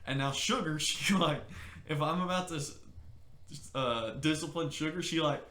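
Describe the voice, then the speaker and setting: A man co-hosting a podcast, chatting casually and telling stories with lively acted-out quotes and shouts. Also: on the high side, normal speed, echoey room. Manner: animated storytelling, acts out shouts and quotes. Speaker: podcast co-host. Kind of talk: casual chat.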